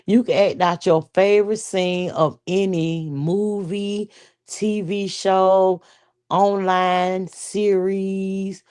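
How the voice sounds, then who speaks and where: Woman livestream host, casual chat, profane, animated, lots of laughter, low voice.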